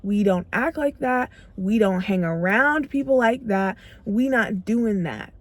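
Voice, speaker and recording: This is a young woman's motivational talk on personal growth, spoken to camera in a mid-range voice at a slightly slow pace. She hammers points home by repeating phrases and performs her own inner thoughts as quoted lines.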